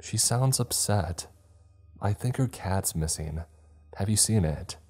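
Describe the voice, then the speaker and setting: A man voicing an anxious mother who speaks in a hushed whisper. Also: sits low, animated, slow pace, husky, faint music behind, pitched above the performer's own voice, full character voice. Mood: worried. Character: worried mother, whispering softly.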